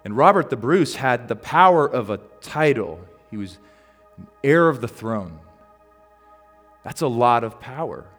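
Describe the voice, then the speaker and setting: A man preaching a sermon as a pastor, telling a story in a relaxed, conversational way with frequent ums and restarts. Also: mid-range voice, measured pace, long pauses, long reverb tail, faint music behind.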